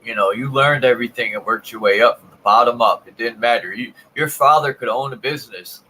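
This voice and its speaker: A man's voice: medium pitch, a little fast, sharp tone, slight background noise, low-quality recording. A man in casual chat, bluntly recounting his work experience with plenty of swearing. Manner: blunt and profane, tells work stories.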